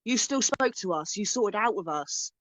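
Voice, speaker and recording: A woman's voice: mid-range voice, lively intonation, normal speed, fairly bright tone, no room sound. A woman guest on a livestream, insistent and accusing as she argues her side. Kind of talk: heated livestream argument. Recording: dry muffled lo-fi stream audio.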